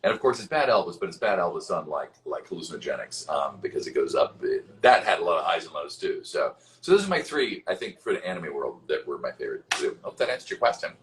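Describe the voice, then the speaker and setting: A man's voice: deep voice, very animated, fast talker, few pauses, rough recording. A man who is a voice actor answering fan questions in a casual live-stream Q&A from home, rambling with lots of fillers and casual swearing.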